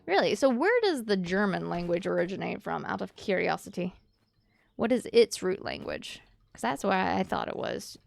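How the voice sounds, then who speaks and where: A woman's voice: mid-range voice, big pitch swings, normal speed, creaky, no room sound. A woman from Louisiana chatting with her stream chat while she plays a game, musing and reading comments aloud.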